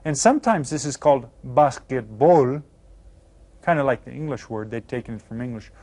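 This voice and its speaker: A man teaching a recorded Spanish lesson to children, upbeat, prompting students with counts and saying the Spanish words slowly and carefully. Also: medium pitch, lively intonation, dark tone.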